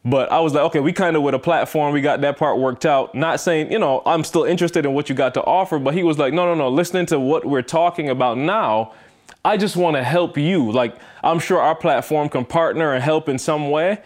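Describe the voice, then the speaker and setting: A man's voice: a little high, brisk. Emphatic man hosting a motivational podcast. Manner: emphatic, repeats himself for stress. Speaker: podcast host. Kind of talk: casual motivational podcast talk.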